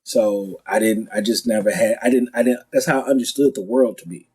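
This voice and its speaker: A man's voice: fairly low pitch, husky, poor audio. A man, a guest comedian, talking casually on a podcast, telling stories with lots of restarts and acted-out quotes. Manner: animated storyteller, quick restarts, acts out quotes.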